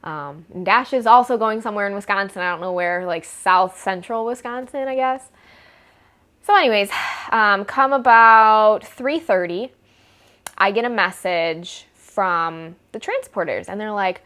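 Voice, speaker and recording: A woman's voice: medium pitch, animated, normal speed, fairly bright tone. A young woman vlogging a casual storytime, rambling and exasperated, with wry sarcasm.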